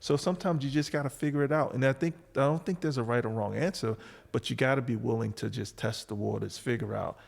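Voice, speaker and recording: Gravelly-voiced father telling a story. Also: medium pitch, fast. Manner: storytelling, firm fatherly advice. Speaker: guest. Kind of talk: casual chat. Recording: reverberant room.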